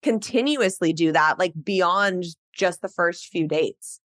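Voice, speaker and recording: A woman hosting a podcast, telling stories in a casual, animated way with lots of filler words. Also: on the low side, takes it slowly, dry recording, clean studio sound. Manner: animated storyteller, frequent "like" fillers. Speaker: podcast host. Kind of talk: casual chat.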